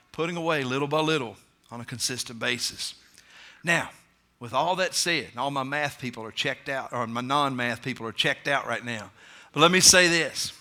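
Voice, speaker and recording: A man's voice: medium pitch, sharp tone. A man with a Kentucky accent, preaching a sermon in church in a plain, conversational way with fillers and restarts. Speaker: pastor. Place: church sanctuary.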